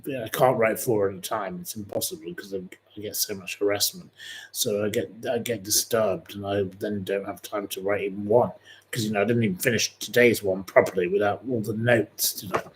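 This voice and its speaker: A man's voice: fairly low pitch, steady tone, brisk, a little hiss or hum. A man hosting a live-stream quiz, chatting in a rambling, opinionated way between questions. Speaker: livestream host.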